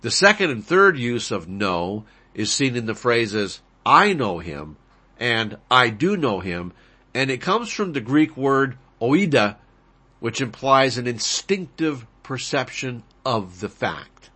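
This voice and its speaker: A man's voice: medium pitch, very animated, slow, bright, forceful tone, slightly rough. A man preaching a sermon, explaining Bible verses and Greek words with rising emphasis on key lines. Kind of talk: sermon, expository Bible teaching.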